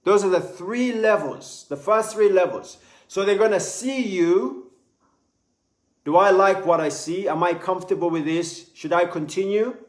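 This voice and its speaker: A man giving a live online sales lesson in an animated way, repeating words as he talks. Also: high voice, unhurried. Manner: animated, acts out little voices, repeats words. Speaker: sales trainer. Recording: echoey room.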